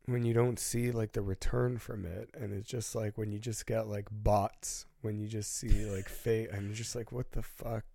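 Gravelly guy, kinda hesitant, lots of likes and ums, dry close mic. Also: lowish voice, level tone, warm tone, no echo. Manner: hesitant, halting, full of fillers, apologetic. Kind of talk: casual chat.

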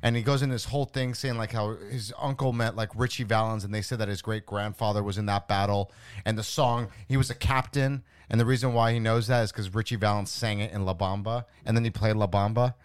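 A man's voice: fairly low pitch, brisk, clear, resonant tone. Ranting, cussing young man. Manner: animated, swears a lot, annoyed ranting. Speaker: podcast co-host. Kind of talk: casual chat.

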